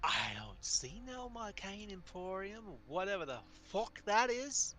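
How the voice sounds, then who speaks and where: Guy doing a high bratty redheaded kid, all swagger and swearing. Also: sing-song, unhurried, sharp tone, a little hiss or hum, full character voice. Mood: taunting. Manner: brash, taunting, swearing. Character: cocky scrappy redheaded boy gang leader.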